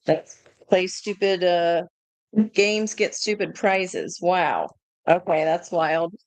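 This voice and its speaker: A woman's voice: on the low side, lively intonation, slow pace, no echo. A woman doing a live tarot reading, thinking aloud in a chatty way, laughing often and swearing casually. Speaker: tarot reader.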